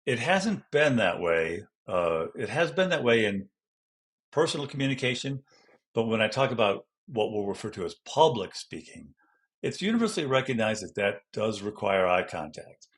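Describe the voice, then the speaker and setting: A middle-aged man, an educational consultant, answering interview questions in an animated way and acting out classroom examples. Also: fairly low pitch, moderate pace. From Denver, Colorado.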